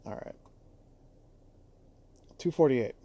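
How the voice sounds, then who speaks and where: A man's voice: slow, warm tone. Man, rideshare driver, casual vlog rant, exasperated, profane, heated. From Chicago area.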